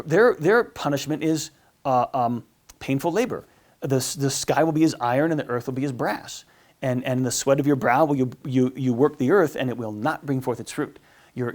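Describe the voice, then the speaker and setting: A priest giving a casual teaching talk on marriage, often stumbling over and repeating words and acting out little exchanges. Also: male voice, on the high side. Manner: conversational, repeats words, acts out quotes.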